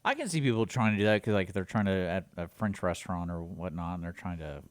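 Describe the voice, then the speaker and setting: A man's voice: low-pitched, lively intonation, fast talker, no room sound. A man co-hosting a radio talk show, teasing his partner with dry reactions. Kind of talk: casual talk radio banter. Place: radio studio.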